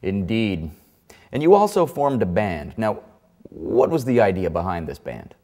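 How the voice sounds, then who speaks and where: Male interviewer, deadpan mock-interview questioner, low voice. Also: a little slow.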